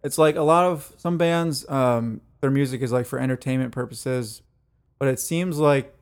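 A man co-hosting a music podcast, talking in a relaxed, easygoing way. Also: mid-range voice, moderate pace, clean tone. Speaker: podcast co-host. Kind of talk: casual chat.

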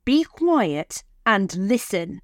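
A woman's voice: medium pitch, sing-song, very slow, no echo, clean studio sound. A woman narrator voicing a cold, dismissive man who speaks in curt, clipped lines.

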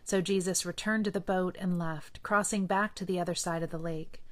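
Lower-voiced woman reading scripture aloud. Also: fairly even intonation. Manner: measured, earnest reading. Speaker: scripture reader.

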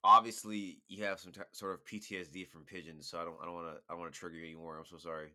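A man's voice: sits low, little pitch movement, very fast, sharp tone. A tipsy young man chatting casually with laid-back slang, teasing and apologetic by turns. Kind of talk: casual chat.

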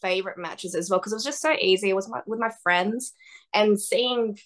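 A young woman talks as a wrestler guest on a podcast, bubbly and quick to break into laughter. She tells her stories with lots of exclamations and playful asides. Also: mid-range voice, fairly bright tone. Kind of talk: casual podcast chat.

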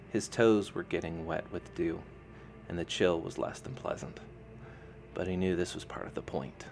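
A man narrating a fantasy novel as an audiobook, in a calm, even storytelling manner. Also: low-pitched, vocal fry, a little hiss or hum.

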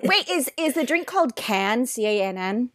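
A woman's voice: fairly high pitch, big pitch swings, normal speed, no echo, studio quality. A woman co-hosting a podcast, reacting and asking questions in casual chat. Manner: reactive listener, short responses.

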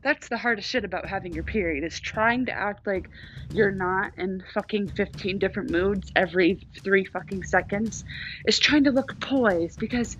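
A woman's voice: mid-range voice, moderate pace, fairly bright tone, lo-fi sound, slight background noise. A young woman ranting to camera, angry, sarcastic and swearing, while in pain from cramps.

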